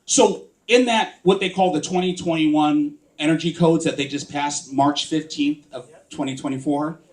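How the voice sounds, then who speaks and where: A man with a somewhat high-pitched voice delivers a campaign speech to a live crowd. He speaks as a political candidate, stirred up and insistent, and keeps pressing his listeners with rhetorical questions. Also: normal speed, a little mellow. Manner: impassioned, fires rhetorical questions at the audience.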